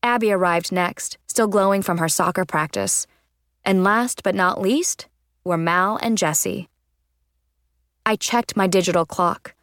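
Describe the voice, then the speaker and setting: Expressive woman reading a storybook aloud. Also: medium pitch, unhurried, no echo, clean studio sound. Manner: lively, expressive reading with character voices. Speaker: audiobook narrator. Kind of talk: first-person storybook narration.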